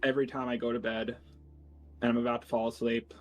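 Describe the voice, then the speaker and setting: A man's voice: medium pitch, little pitch movement, fast talker, soft background music. A man venting his frustration in casual conversation.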